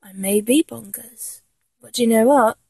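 A woman's voice: fairly high pitch, measured pace, creaky, darkish tone, slightly rough, no echo, full character voice, low-quality recording. A woman with an English accent voicing an obsessive, vengeful young woman fan in a whispered role-play, swinging between menacing whispers and manic laughter. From England.

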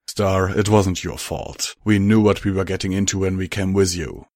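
A man voicing a quiet, loyal grey male earth pony. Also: sits low, steady tone, moderate pace, dry recording, clean studio sound. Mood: gentle. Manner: quiet, reassuring.

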